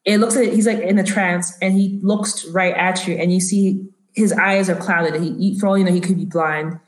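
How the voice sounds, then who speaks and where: A woman narrating as game master, halting with many restarts. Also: on the low side, fairly even intonation. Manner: halting, full of restarts and fillers. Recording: roomy echo.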